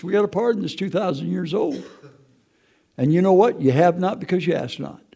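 A man's voice: fairly high pitch, vocal fry, dark tone. An older man telling his Christian testimony in a folksy, preacherly way, often tagging his lines with "okay?". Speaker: testimony speaker.

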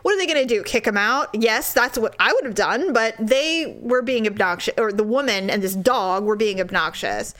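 A woman casually telling a story, exasperated and animated, acting out the people in it. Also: a little high, moderate pace, few pauses. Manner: animated, exasperated, acts out voices.

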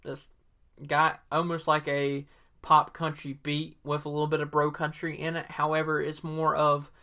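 Man, Southern accent, rambling casual chat, bright voice. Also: on the high side, completely flat delivery, moderate pace. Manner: rambling, filler-heavy, opinionated. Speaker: podcast host. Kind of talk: casual solo podcast talk.

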